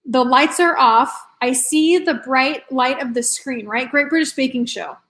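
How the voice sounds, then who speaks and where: Woman coach, high voice, excitable presenter who tells stories to her viewers. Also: unhurried. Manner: enthusiastic, storytelling, addresses audience directly. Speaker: health and confidence coach. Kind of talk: live online presentation.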